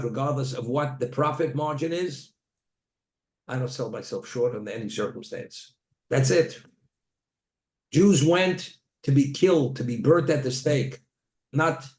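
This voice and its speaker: Rabbi giving a Torah lecture, echoey room. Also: male voice, mid-range voice, darkish tone. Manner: storytelling, Hebrew terms woven into plain talk. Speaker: rabbi teaching a Torah class.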